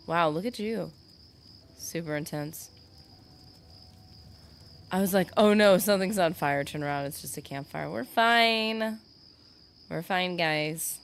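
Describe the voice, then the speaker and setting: Slight background noise sits under this woman's lowish voice. Playing a game on stream, she rambles casually and talks to her chat, offering the loose, chatty commentary typical of a gaming streamer.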